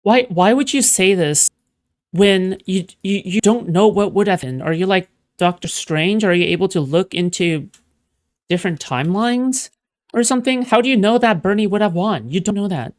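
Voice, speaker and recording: A woman's voice: mid-range voice, moderate pace, darkish tone. A woman streamer mocking a clip in casual, sarcastic reaction commentary.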